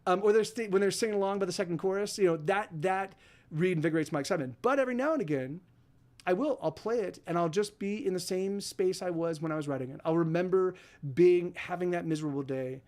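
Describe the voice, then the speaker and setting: Male podcast host, high voice, rambling storyteller who swears a lot, casual stream chat. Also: quick pace, a little mellow.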